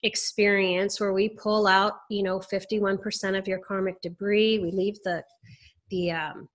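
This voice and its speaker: A woman's voice: medium pitch, level tone, a little slow. A woman guest in a casual spiritual chat, explaining ideas confidently and reaching for metaphors.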